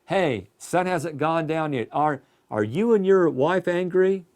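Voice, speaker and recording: A man's voice: on the high side, expressive, unhurried, a little mellow. Man preaching in a conversational sermon. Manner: conversational, asks listeners direct questions.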